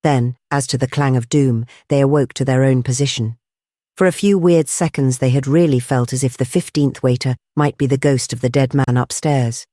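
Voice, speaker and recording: An audiobook narrator reading a classic detective story in a measured, even way. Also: medium pitch, no room sound, studio quality. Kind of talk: scripted narration of a classic novel.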